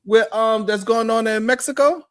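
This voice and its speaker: A man's voice: high-pitched, normal speed, a bit bright, smooth. A man hosting a live stream, chatting loosely with his co-host, swearing and joking. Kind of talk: casual chat.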